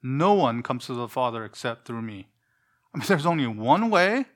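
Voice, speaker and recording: A man's voice: mid-range voice, very animated, normal speed, a bit bright. A man preaching a sermon in an earnest, emphatic way, full of rhetorical questions.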